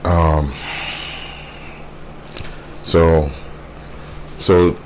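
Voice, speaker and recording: Very deep-voiced man, slow and halting. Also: level tone, darkish tone, slight background noise. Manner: halting, many fillers and repeated words; quotes others in a brisk voice. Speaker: storyteller sharing a personal story. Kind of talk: casual personal storytelling.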